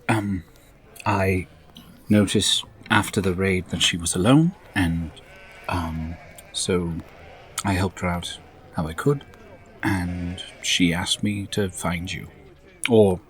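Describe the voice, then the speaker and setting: A man's voice: low-pitched, fairly even intonation, slow pace, pauses often, a bit bright. A man playing a tabletop game in character, rambling awkwardly and self-deprecatingly. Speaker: player.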